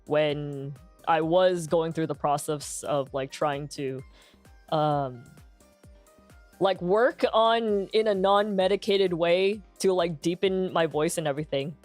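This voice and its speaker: A woman's voice: low-pitched, slow, soft background music. A young adult woman streaming, chatting candidly with lots of fillers and laughs, in a full, grounded speaking voice. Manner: relaxed and candid, many fillers, laughs often. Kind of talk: casual chat stream.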